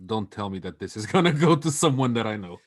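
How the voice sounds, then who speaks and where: A man co-hosting a comedy podcast, chipping in crude, quick reactive quips. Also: on the low side, sing-song. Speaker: podcast co-host. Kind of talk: casual chat.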